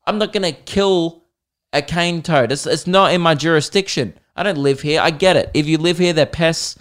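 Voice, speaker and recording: A man's voice: on the high side, moderate pace. A man with an Australian accent hosting a comedy show, telling rambling, profane stories and often cutting himself off mid-sentence. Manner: self-interrupting, excitable. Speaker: comedian host. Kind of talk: casual comedic monologue.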